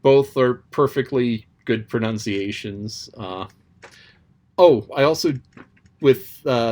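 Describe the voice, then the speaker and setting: A man muses aloud at an unhurried pace in a casual, rambling chat about a chapter he read. His pitch sits in a middling range for a man, and he fills his thoughts with ums and restarts. Now and then he plays at quoting others. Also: darkish tone. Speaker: host reflecting on a read-aloud book chapter. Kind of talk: casual spoken commentary.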